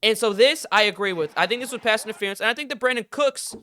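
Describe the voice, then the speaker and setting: Heated young man ranting, bright crisp voice. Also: high-pitched, quick pace. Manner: heated, frustrated ranting with swearing. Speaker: podcast host. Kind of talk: casual sports commentary rant.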